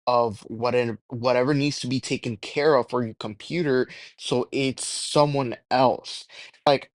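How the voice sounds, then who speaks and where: Young man, casual profane rant, mid pitch, dry close sound. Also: no room sound. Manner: profane, rambling, jokey exaggeration. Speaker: YouTuber telling a story.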